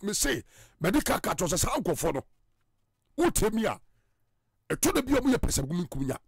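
A Ghanaian man preaching with a high, gravelly edge to his voice and emphatic bursts. His pitch swings widely as he drives his points home. The sound is dry and close, with no room around it. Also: very animated, a little fast, dry recording. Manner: emphatic, rising to loud bursts. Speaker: evangelist. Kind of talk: preaching in Twi and English.

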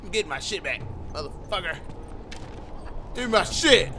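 Man doing gameplay commentary, very high voice, sharp bright tone, loud excitable reactions. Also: normal speed, slight background noise.

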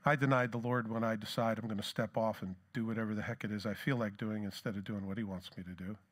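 A man's voice: on the low side, fairly even intonation, quick pace. A middle-aged man preaching a sermon as pastor, in a conversational way, with rhetorical questions and plain asides.

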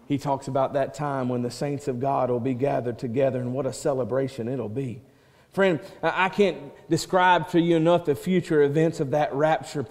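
A male pastor preaching a sermon, swinging from loud proclaiming to soft hushed quoting and restarting words as he builds a point. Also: on the high side. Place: church sanctuary. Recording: church hall reverb.

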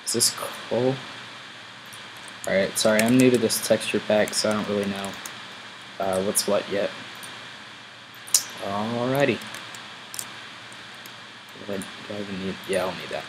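Low-voiced man narrating his gameplay. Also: measured pace, pauses often, background noise. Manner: chatty, thinks aloud while playing. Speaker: gameplay video host. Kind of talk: casual gameplay commentary.

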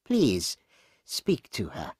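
A man voicing a kind elderly doctor in an audiobook, replying gently and hesitantly. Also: lowish voice, wildly swooping pitch, very slow, heavily acted. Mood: gentle.

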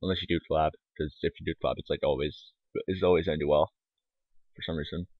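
Speaking quickly in a bass voice with fairly even intonation, this gaming YouTuber offers rambling, casual let's-play talk full of mumbled asides and fillers. The dry recording comes through a tinny, lo-fi desktop mic.

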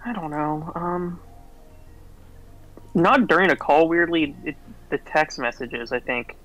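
A man's voice: a little high, takes it slowly, a bit bright, faint music behind, poor audio. A man co-hosting a casual podcast, blunt and swearing freely. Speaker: podcast co-host. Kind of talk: casual chat.

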